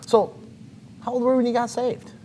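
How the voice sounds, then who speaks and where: A man's voice: very high voice, level tone, a little fast, dark tone, slight background noise. A man co-hosting a church podcast, chatting casually with a guest in a playful, teasing way and laughing often. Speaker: podcast co-host. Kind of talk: casual interview chat.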